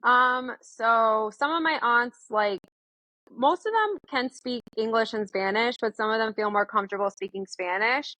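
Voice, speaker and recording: A woman's voice: on the high side, a little slow, sharp tone, dry recording, rough recording. A woman in her twenties, a therapist from the United States, chatting as a guest in a casual interview, with lots of "like" and acted-out quotes of herself.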